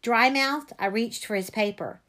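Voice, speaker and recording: A woman reading a first-person story aloud, expressive. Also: a little high, unhurried. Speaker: reader.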